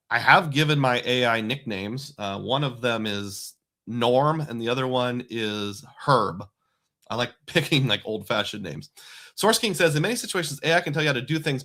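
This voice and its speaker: A man's voice: medium pitch, bright, forceful tone. A middle-aged man hosting a casual live stream, reading viewer comments aloud and chatting back.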